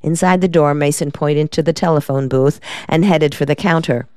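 A woman hosting a reading program, narrating an audiobook in a calm, measured way. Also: deep voice, clean tone, no room sound, studio quality. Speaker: program host and reader.

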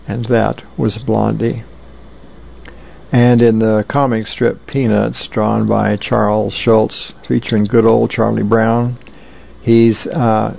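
Gravelly man reading comics on radio. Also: mid-range voice. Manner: relaxed, conversational storytelling. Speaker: volunteer radio reader. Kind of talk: reading comic strips aloud. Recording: dull lo-fi radio broadcast.

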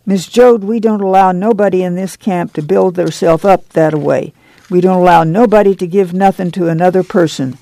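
A reader doing a fierce, hoarse proud woman. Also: lowish voice, normal speed, mellow, no echo. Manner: fierce, folksy rural dialect.

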